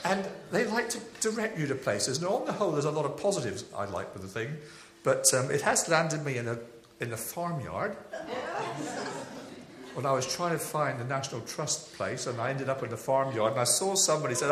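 A man from Devon, preaching a sermon in a chatty, anecdotal way with animated rises. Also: medium pitch, a little fast, a crowd in the background. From England (Devon). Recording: echoey hall with faint ambience.

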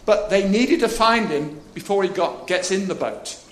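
A man delivers a lively, chatty sermon full of jokes, laughing often and acting out the voices in his story. His voice sits high with animated intonation at a moderate pace. The room is echoey with faint ambience.

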